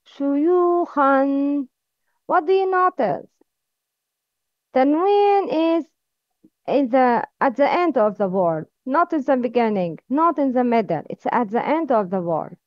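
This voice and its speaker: A woman teaching Arabic letters, drilling words slowly and asking the listener to repeat after her. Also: high-pitched, very animated, dry recording. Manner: slow, careful drilling with repeat-after-me prompts. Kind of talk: slow recorded lesson. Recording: dull, lo-fi sound.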